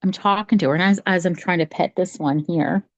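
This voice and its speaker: A woman talking casually from home on a video call, telling a childhood story in a rambling, animated way with many restarts. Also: fairly low pitch, brisk, slight background noise. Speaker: psychic medium sharing her story. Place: home, cat nearby.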